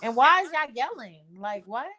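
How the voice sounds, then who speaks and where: A woman's voice: high-pitched, expressive, normal speed, bright, forceful tone. A young woman chatting casually, agreeing emphatically and swearing freely. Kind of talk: casual chat.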